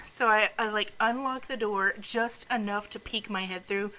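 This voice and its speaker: A woman co-hosting a podcast, telling stories in a casual, animated way, sarcastic and full of swearing. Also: medium pitch, normal speed. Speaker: podcast co-host. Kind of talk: casual storytelling chat.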